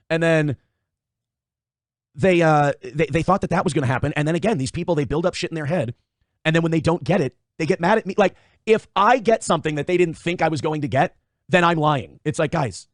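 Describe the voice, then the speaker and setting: Man, livestream host, rapid talker, raised pitch, profane rambling, reads donations, dry close sound. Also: no room sound. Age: adult father of young children. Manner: rambling, profane, self-interrupting. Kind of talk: casual livestream chat reading viewer donations.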